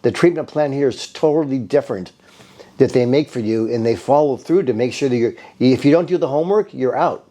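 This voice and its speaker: A man's voice: mid-range voice, fairly quick, dark tone. A middle-aged man telling his own story as a patient testimonial, rambling and acting out the conversations he had along the way. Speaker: bodywork therapist giving a patient testimonial. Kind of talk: casual spoken testimonial.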